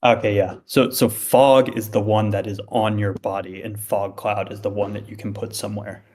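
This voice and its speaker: Low-voiced blunt man at a game table. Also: little pitch movement, darkish tone. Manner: blunt, quick retorts. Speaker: player. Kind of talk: casual tabletop game chat.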